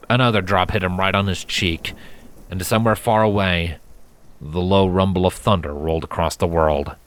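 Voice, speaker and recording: A man narrating a fanfiction story in a calm, steady read-aloud manner. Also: low-pitched, no echo. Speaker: fanfiction reader.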